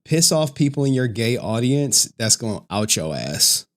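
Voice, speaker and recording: A man's voice: medium pitch, very animated, moderate pace. A man ranting on a livestream in crude slang, laughing often. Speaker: streamer commentator. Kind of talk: casual livestream rant.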